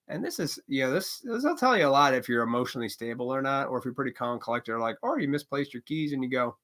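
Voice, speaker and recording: A man's voice: medium pitch, quick pace, hardly any pauses, a bit bright. A man hosting a live stream, rambling casually with profanity and chuckles, now and then acting out quoted voices.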